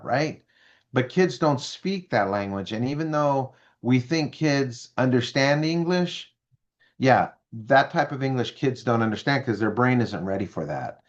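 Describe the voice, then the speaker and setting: Man in his 50s, interview guest, lively storyteller, acts out quotes, mid-pitched, muffled lo-fi audio. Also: unhurried. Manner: animated, acts out quoted voices. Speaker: guest, business speaker.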